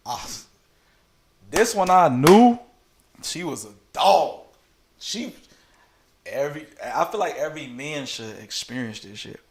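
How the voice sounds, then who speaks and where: A man's voice: fairly high pitch, lively intonation, slow pace, pauses often, slight background noise. A young man casually telling a crude, laughing storytime anecdote at home late at night. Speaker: vlogger.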